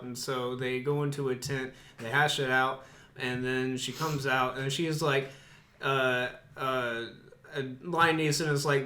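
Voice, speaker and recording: A man co-hosting a casual podcast, retelling a film plot in a halting, rambling way with lots of fillers. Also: medium pitch, steady tone, bright, forceful tone. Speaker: podcast co-host. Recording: echoey room.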